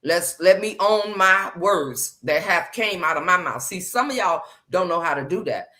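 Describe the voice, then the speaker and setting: A woman's voice: lowish voice, lively intonation, normal speed, sharp tone. A woman hosting a casual live stream chat, greeting viewers by name and speaking emphatically, often repeating phrases.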